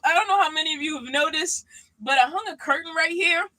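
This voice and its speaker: Chatty woman with a slightly high voice. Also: fairly quick, pushed and bright, dry recording, rough recording. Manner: easygoing, chatty, loose and unscripted. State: mentally worn out. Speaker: vanlife vlogger hosting a livestream. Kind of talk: casual livestream chat. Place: inside a box truck she lives in. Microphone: streaming mic, at times leaning away from it.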